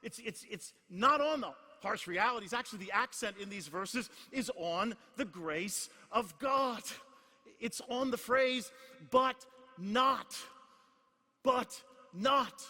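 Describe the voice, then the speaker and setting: A middle-aged man preaching a sermon in a large conference hall, emphatic and repetitive, swinging from hushed lines to shouts. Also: high-pitched. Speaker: pastor. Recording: long hall reverb.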